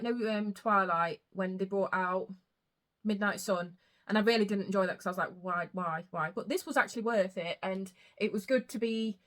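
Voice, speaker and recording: A woman's voice: medium pitch, a bit bright. A young woman chatting casually about books she read, gushing and emotional, swearing freely. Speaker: book vlogger. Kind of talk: casual chat.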